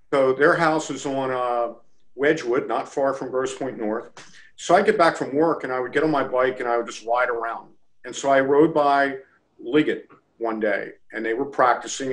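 A man from the Baltimore area, a lacrosse official, is a guest in a casual interview. His voice is medium-pitched and the audio is poor. He tells a story with animation, acting out the quotes.

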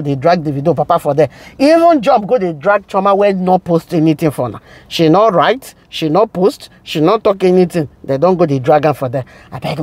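A woman's voice: lowish voice, a little mellow. A woman with a Nigerian accent ranting to her viewers in a casual vlog, preachy and scolding. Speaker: vlogger. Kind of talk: casual commentary rant to viewers.

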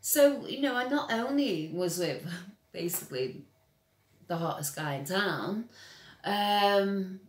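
A woman's voice: medium pitch, animated, slow pace. Middle-aged woman, blunt and sweary, trips over her words a lot, roomy echo. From England. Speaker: vlogger. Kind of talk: angry personal rant. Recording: echoey room.

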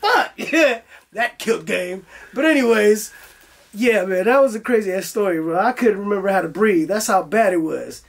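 A man's voice: high voice, normal speed, creaky. A young man telling a story in a loose, profane style, acting out his own voice as he goes. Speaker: guest. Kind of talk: casual storytelling.

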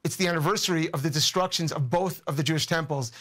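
A man's voice: fairly high pitch, fast, a bit bright. A man speaking as a guest commentator in a news interview, earnest and emotional, often repeating words as he searches for them.

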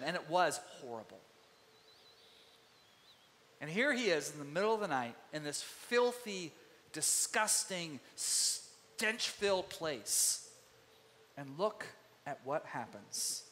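A man preaching a sermon as pastor, lively and conversational, acting out the voices of biblical figures. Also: on the high side, slow, long pauses. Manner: animated, acts out biblical voices. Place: church sanctuary. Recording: long hall reverb.

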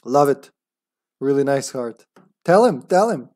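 A young man streaming a game, chatting casually, joking and laughing often with quick asides. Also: mid-range voice, lively intonation, darkish tone. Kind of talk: casual gaming commentary.

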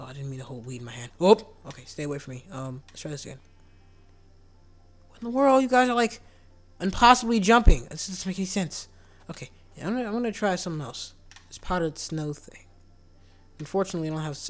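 Man, casual gameplay commentary, excitable, squeaky surprised outbursts, whispered asides, voice that cracks. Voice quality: voice cracks when it goes high. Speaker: gaming channel host.

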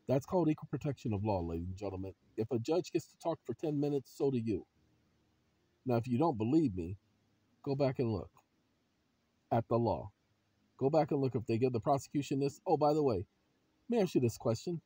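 A man with a husky, slightly rough voice hosts his own video channel. He talks straight to his viewers, calling them ladies and gentlemen, and lectures them with one pointed question after another. The sound is dry, with no room around it. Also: medium pitch, expressive, a little fast, long pauses, dry recording. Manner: preachy, fires rhetorical questions at viewers. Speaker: channel host. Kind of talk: emphatic vlog commentary.

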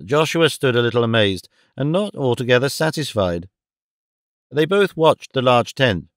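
Male audiobook narrator, even delivery, dry studio. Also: medium pitch, moderate pace, dry recording. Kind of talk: scripted narration.

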